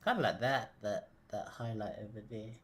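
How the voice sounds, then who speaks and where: Male streamer, quiet and mumbly, hesitant, thinks aloud, sits back from the desk mic. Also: on the low side, normal speed. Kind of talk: casual live-stream commentary while working. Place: home desk. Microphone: desk mic, sometimes leaning back from it.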